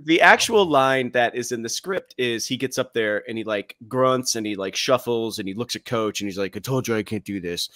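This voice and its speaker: A man co-hosting a podcast in casual chat, retelling scenes in an animated way and laughing as he talks. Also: medium pitch, moderate pace, hardly any pauses, no echo, clean studio sound. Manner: animated storyteller, laughs while telling. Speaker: podcast co-host.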